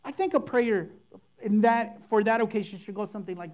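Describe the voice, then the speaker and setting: A woman's voice: mid-range voice, fairly quick, a little mellow. A woman pastor preaching a sermon, emphatic and repetitive, acting out showy and simple prayers to make her point. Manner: emphatic, repeats key phrases, mimics overblown prayers.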